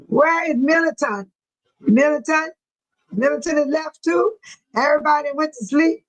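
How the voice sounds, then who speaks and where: A woman's voice: high voice, moderate pace, fairly bright tone, rough recording. An older woman, hosting a casual livestream, laughing often and teasing viewers by name as she reads the chat. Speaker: livestream host reading chat.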